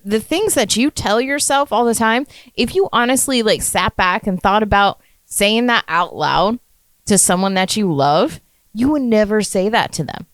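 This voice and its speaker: A woman's voice: medium pitch, animated, normal speed, dry recording. A woman co-hosting a casual podcast, candid, swearing casually and laughing easily. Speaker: podcast co-host. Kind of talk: casual chat.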